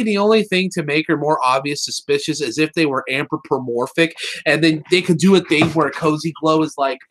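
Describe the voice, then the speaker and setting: A podcast co-host with a fairly high voice excitedly retells a cartoon episode in casual chat. He rambles, swears, and slips into quick character voices.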